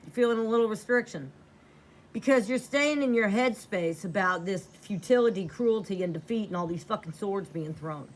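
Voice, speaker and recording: A woman's voice: medium pitch, moderate pace. Blunt, emphatic woman reading tarot. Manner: blunt, profane, emphatic, repeats herself. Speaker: tarot reader.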